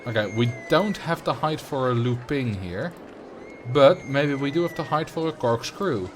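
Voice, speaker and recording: Here a streamer from the Netherlands, with a Dutch accent, builds in a game on a livestream and chats casually, answering questions from viewers. His voice is medium-pitched and lively at a normal speed, with a little hiss or hum on the audio.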